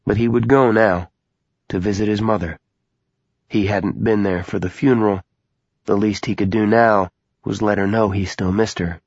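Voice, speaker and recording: A man narrating an audiobook in a measured, somber, steady way. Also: on the low side, slightly rough, dry recording, dull audio.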